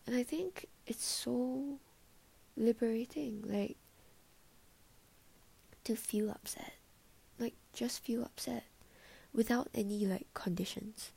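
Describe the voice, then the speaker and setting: A young woman's mellow, breathy voice with a gravelly fry at the ends of phrases. She muses softly, slipping into half-whispers and trailing fillers as she shares her reflections in a personal vlog. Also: a little high, takes it slowly, pauses often. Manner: soft, often half-whispered, filler-heavy musing. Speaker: vlogger.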